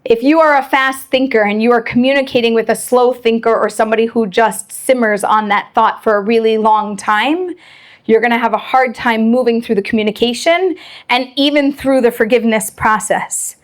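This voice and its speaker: A woman giving a lively Torah lecture, acting out bits of quoted dialogue as she explains. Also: fairly high pitch, normal speed. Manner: animated, acts out quoted dialogue.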